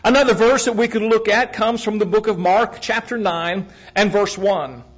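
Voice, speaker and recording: A man preaching a sermon in a measured way, repeating key phrases for emphasis and asking the congregation direct questions. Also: high-pitched, slightly rough. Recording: muffled, lo-fi recording.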